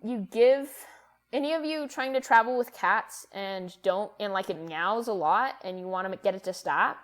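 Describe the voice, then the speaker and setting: At a normal speed and mid-range pitch, a young woman rambles through casual conversation as a podcast co-host, with many filler words and restarts.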